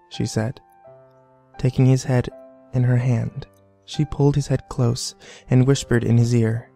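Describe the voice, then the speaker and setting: A man reading a scripted horror story in a measured, deliberate way. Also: medium pitch, little pitch movement, creaky, mellow. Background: faint background music.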